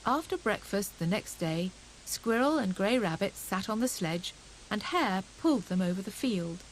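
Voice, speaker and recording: A woman narrating a children's storybook audiobook in a gentle, expressive reading. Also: mid-range voice, normal speed, a little hiss or hum, rough recording.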